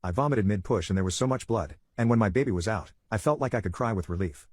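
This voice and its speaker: A man reading online stories aloud in a rapid, steady read-aloud delivery. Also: on the low side, husky, dry recording, studio quality. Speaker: story narrator.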